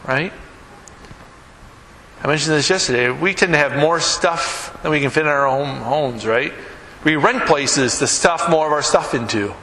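A middle-aged male pastor with a high, bright voice preaches in a casual, conversational way and keeps putting questions to his listeners. His voice rings through a church sanctuary with a long, echoing reverb. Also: unhurried, a little hiss or hum. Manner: conversational, asks the congregation questions. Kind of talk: sermon. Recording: echoey hall with long reverb.

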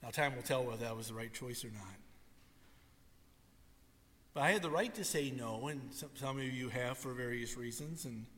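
A man with a medium-pitched voice preaches a sermon at a moderate pace, leaving long pauses. He tells stories in an animated way and acts out what people said, all under a long hall reverb.

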